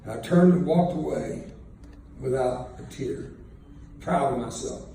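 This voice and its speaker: A man's voice: medium pitch, a little slow, dark tone. An older man telling a war story to an audience in a folksy, joking way, chuckling as he talks. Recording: very echoey room, distant mic, faint noise.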